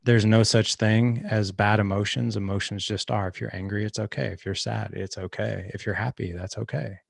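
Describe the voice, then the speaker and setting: Gravelly low-voiced man telling a story. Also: steady tone, normal speed, no room sound, clean studio sound. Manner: earnest storyteller, many restarts. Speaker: guest. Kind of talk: casual storytelling.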